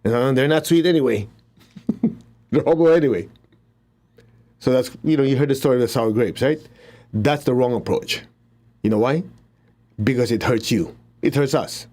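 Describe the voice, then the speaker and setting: This middle-aged man's mid-range voice is a little mellow and runs slightly fast. In an easygoing, talkative manner he teaches spiritual healing, often laughing and dropping blunt asides, blending instruction and invocation.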